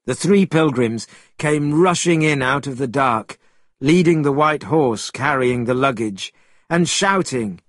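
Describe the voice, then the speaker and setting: Guy reading a storybook, slow and husky, lively pitch, raised voice. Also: dry recording, clean studio sound. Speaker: narrator.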